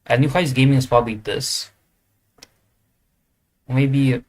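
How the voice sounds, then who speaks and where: A man's voice: mid-range voice, steady tone, takes it slowly. A man giving casual commentary as he ranks esports teams, thinking aloud with hesitant fillers and self-corrections. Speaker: esports tier list creator. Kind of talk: casual commentary while ranking.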